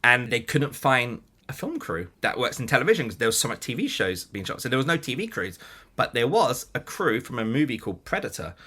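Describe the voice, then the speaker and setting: A middle-aged man telling animated anecdotes as a guest, excitable and acting out other people's lines. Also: medium pitch, a little fast, husky. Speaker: game developer and film producer guest.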